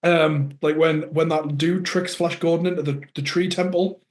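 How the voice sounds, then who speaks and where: A northern English man co-hosts a podcast, chatting casually and laughing as he retells scenes from films. His voice is a little high, with fairly even intonation and a normal pace. The room sounds echoey.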